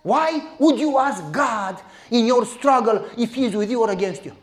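This high-pitched preacher talks at normal speed, alternating booming exclamations with hushed asides. As he tells stories in his sermon, he acts out the people's voices.

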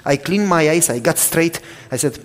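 A preacher from Romania with a Romanian accent, giving a sermon with personal testimony, dramatic, shifting from loud outbursts to hushed telling. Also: male voice, on the high side, lively intonation, moderate pace, in a large hall, background noise.

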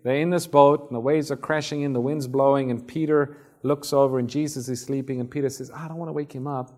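A man's voice: medium pitch, steady tone, fast, warm tone. A man preaching a sermon in a conversational manner, acting out Bible scenes as he tells them.

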